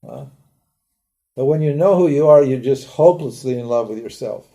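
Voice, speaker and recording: Dark-voiced man giving a lively lecture. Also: mid-range voice, moderate pace. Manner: conversational, asks rhetorical questions, acts out pleading prayers. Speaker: Vedanta teacher. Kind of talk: live lecture.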